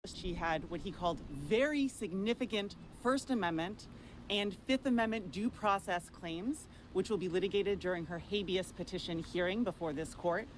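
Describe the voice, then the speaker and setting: A woman lawyer giving a press statement in a firm, measured, formal manner. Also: on the low side, a little hiss or hum, poor audio.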